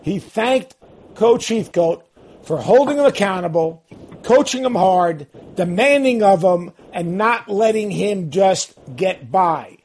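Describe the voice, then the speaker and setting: A man's voice: high voice, expressive, takes it slowly, darkish tone, a little hiss or hum. A man co-hosting a casual basketball talk show, telling stories in an emphatic way. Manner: emphatic, storytelling. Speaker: basketball analyst and co-host.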